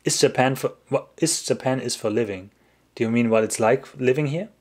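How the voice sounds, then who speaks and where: A man speaking English fairly quickly, in a darkish tone at a middling pitch, answers questions from his livestream chat. The session is casual, and he rambles, laughs often and cuts himself off mid-thought.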